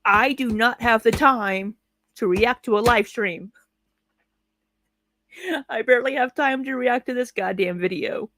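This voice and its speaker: A woman's voice: a little high, unhurried, pauses often, a bit bright, no echo. Blunt, sarcastic woman commentator. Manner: blunt, sarcastic and profane, with laughs. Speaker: reaction commentator. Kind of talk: casual commentary while live streaming.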